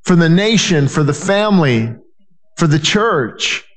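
Male pastor, sermon delivery, earnest, repeats himself, voices quoted people, fairly high voice. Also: very animated, unhurried. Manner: earnest, repetitive, restarts phrases, acts out quoted voices.

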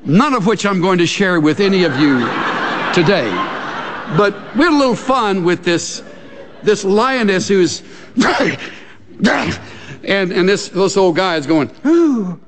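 A man's voice: high voice, unhurried. An older man preaching a sermon, telling stories with laughter and acting out little scenes as he goes. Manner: animated storytelling with laughter and acted-out asides. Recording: long reverb from a large hall.

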